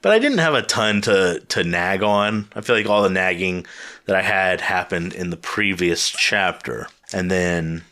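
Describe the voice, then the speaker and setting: A man hosts a relaxed podcast with a lowish voice that rises and falls a great deal. He teases his co-hosts playfully and keeps the talk moving. The delivery stays loose and conversational. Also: unhurried. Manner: playful, teasing, leads the discussion. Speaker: podcast host. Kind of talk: casual podcast chat.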